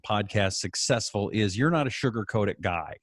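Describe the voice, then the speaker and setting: A man's voice: on the low side, animated, moderate pace, no room sound, clean studio sound. A man interviewing a podcast host, asking prompting questions and teasing him. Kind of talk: casual podcast conversation.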